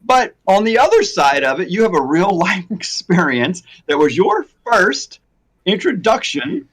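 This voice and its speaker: A man's voice: sits high, sing-song, unhurried, fairly bright tone. A man and longtime hair replacement stylist in a casual chat, rambling a little and laughing often.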